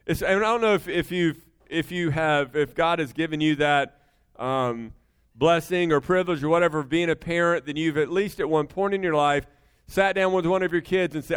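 A man's voice: on the high side, normal speed, clean tone. A middle-aged man preaching a sermon, emphatic and conversational, often turning to the congregation with asides. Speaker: pastor.

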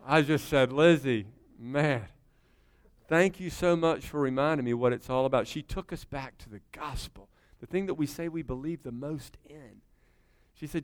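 A middle-aged pastor preaches a sermon in an earnest, conversational manner, climbing to emphatic high points. His voice sits a little high for a man. It sounds smooth and resonant. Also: moderate pace.

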